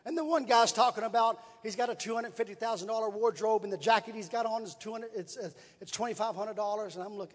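A man's voice: high-pitched, fast, hardly any pauses. A man preaching, telling a folksy story with repetition and building emphasis. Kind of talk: sermon storytelling. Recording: long reverb in a large hall.

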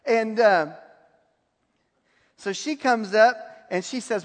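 High-voiced man preaching in a hall. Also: measured pace, long pauses. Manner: animated storytelling, laughs often. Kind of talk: sermon testimony.

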